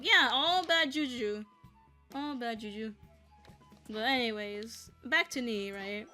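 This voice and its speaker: A woman's voice: on the high side, fairly bright tone. A woman talking casually about her original characters, rambling and venting, swearing freely as she goes. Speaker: content creator.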